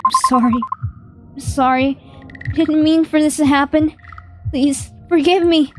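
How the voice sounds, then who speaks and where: A woman's voice: high-pitched, steady tone, fairly quick, warm tone, faint music behind, pitched above the performer's own voice, lightly acted. Woman putting on a frantic pleading widow. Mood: desperate pleading. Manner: pleading, tearful, breaking voice. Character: grieving young widow, guilt-ridden and desperate.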